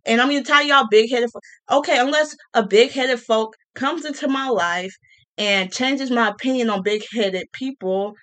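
A woman ranting casually to her viewers, sassy and animated, with colloquial speech, repeated words and mocking quoted voices. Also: a little high, normal speed. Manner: colloquial, with many restarts and repeats. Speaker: vlogger. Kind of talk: casual rant to camera.

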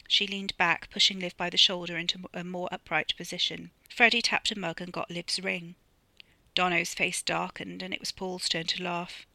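A woman's voice: on the low side, little pitch movement, moderate pace, gravelly, bright, forceful tone, no room sound. Woman reading her own audiobook. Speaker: author reading her novella. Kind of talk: audiobook narration.

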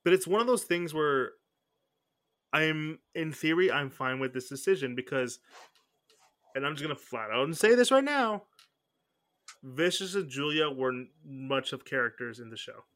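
A podcast host chats casually and keeps restarting and correcting his sentences as he rambles. His voice is a little high and fairly bright, animated at a moderate pace with frequent pauses.

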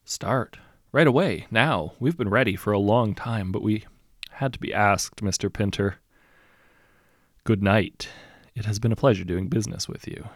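A man voicing a smooth, polite salesman with a quietly menacing manner. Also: fairly low pitch, very animated, brisk, no room sound, studio quality. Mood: calmly sinister. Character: smooth sinister male salesman of death.

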